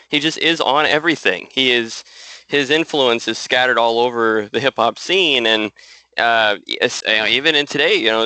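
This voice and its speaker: Man, very bright tense voice, dry close sound, chatty storyteller, podcast guest. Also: medium pitch, no echo, poor audio. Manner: storytelling, loose, lots of "you know". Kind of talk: casual podcast chat.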